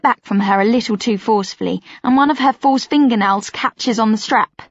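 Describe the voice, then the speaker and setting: A woman reading a first-person audiobook aloud with expressive, tense storytelling. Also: mid-range voice, moderate pace, gravelly, few pauses, breathy edge, no echo, highs cut off. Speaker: audiobook narrator.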